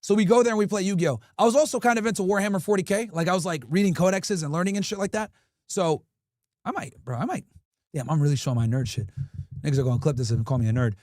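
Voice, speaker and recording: A man in his thirties from Connecticut, telling crude stories to his livestream chat in a lively, laughing way. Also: sits high, fast, dry recording, clean studio sound. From Connecticut, USA. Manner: animated, crude, laughing storyteller. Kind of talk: casual storytelling to chat.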